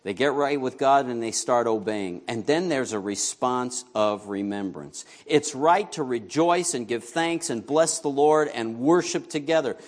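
A man's voice: mid-range voice, lively intonation, unhurried, few pauses. A man from New York preaching a sermon as pastor, talking conversationally, asking the congregation questions and joking with them.

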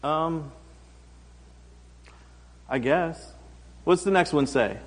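A man in his thirties gives a conversational sermon, his voice sitting a little high. He slips into funny quoted voices as he tells stories. The sound carries a long reverb from a large hall. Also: drawn-out words. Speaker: pastor.

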